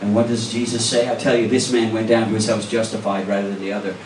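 A man's voice: on the low side, little pitch movement, fast talker, slight background noise. A male pastor preaching a sermon in a church, earnest and emphatic, pressing the congregation with direct questions. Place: church sanctuary. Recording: roomy echo, voice from a distance.

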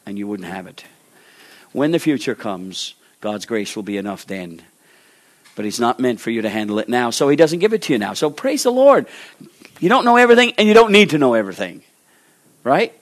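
A man preaching a sermon, acting out biblical dialogue and swinging between loud exhortation and hushed, slow pleading. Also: mid-range voice.

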